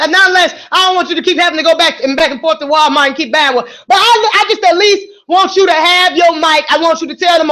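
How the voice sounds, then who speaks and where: A woman hosting a radio show, giving energetic, playful motivational talk to her listeners. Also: very high-pitched. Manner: energetic, playful, preachy and encouraging.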